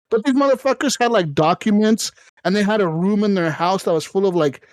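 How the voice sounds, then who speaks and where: A man hosting a podcast, telling a story in casual, excited, profane chat. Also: high-pitched, fairly quick, no echo, rough recording. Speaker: podcast host.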